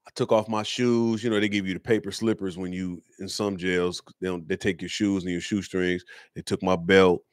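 Earnest low-voiced man telling a story. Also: little pitch movement, normal speed, dry recording, studio quality. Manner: earnest, conversational, slangy. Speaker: host. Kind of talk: casual storytelling monologue.

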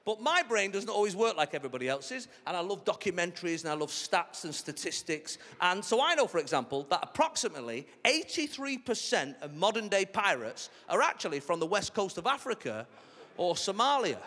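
On a large theatre stage, a man performs stand-up, telling stories in a cheeky, chatty way to a laughing crowd. His high, sharp voice swings widely in pitch and moves briskly, picked up by a stage microphone with live hall reverb and crowd noise.

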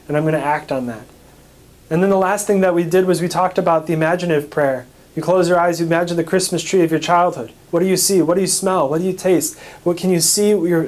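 Brief: American male priest, fairly high voice, chatty teaching tone, asks and answers his own questions. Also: darkish tone. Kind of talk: recap of a parish teaching talk.

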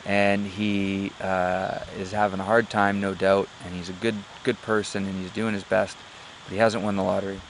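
A man giving a motivational talk, halting and full of fillers, who tells a joke to make his point. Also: low voice, level tone, slight background noise. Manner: tells stories and jokes. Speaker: motivational speaker.

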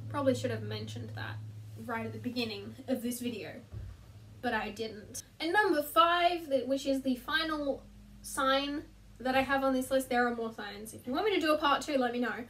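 High young woman, chatty vlog, self-deprecating, slightly distant mic in a bedroom. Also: normal speed, fairly bright tone. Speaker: vlogger. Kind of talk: casual chat to camera. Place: bedroom, sitting on the floor between two beds.

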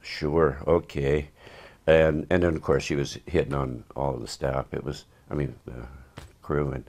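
A man, an actor in an interview, telling rambling anecdotes in a casual, wry way with dry asides. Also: very deep voice.

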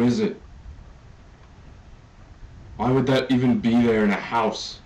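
A man's voice: medium pitch, steady tone, takes it slowly, darkish tone, far from the mic, muffled recording. A man commenting on a horror game as he plays, jumpy and nervous, swearing and joking through the scares. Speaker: gaming YouTuber.

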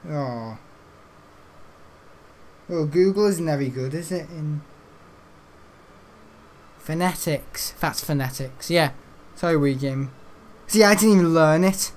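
A man's voice: on the high side, slow pace, pauses often. A man rambling chattily as host of gameplay commentary, with casual swearing and restarts. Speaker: gaming channel host.

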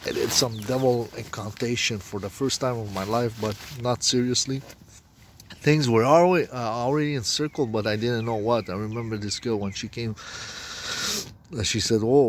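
A man's voice: fairly low pitch, a little hiss or hum. A man telling a rambling personal story, profane and meandering, with broken grammar. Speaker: self-described prophet.

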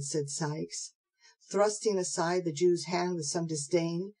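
A woman narrating an audiobook of a classic novel in a steady, measured way. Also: lowish voice, slightly rough, poor audio. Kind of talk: scripted narration.

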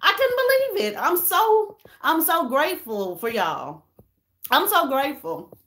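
A woman's voice: sits high, very animated, unhurried, a bit bright. A woman vlogging about her own life, earnest and emotional, repeating herself and talking straight to her viewers. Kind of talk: emotional personal vlog talk.

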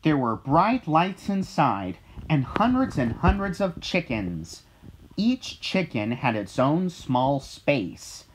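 A storyteller reading a children's picture book aloud in a gentle, expressive way. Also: medium pitch, slow pace, a little hiss or hum, rough recording.

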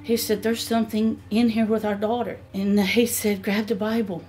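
A middle-aged woman telling a personal story in a halting way, full of fillers and restarts. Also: mid-range voice, flat delivery, dark tone, a little hiss or hum. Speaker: homeowner telling her story. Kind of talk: emotional personal account.

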